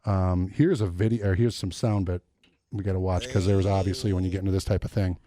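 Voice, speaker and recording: A man's voice: low voice, fast talker, a crowd in the background. A man hosting a radio morning show, trading casual banter and telling stories with lots of laughter and voice mimicry. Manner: animated storyteller, laughs often, mimics voices.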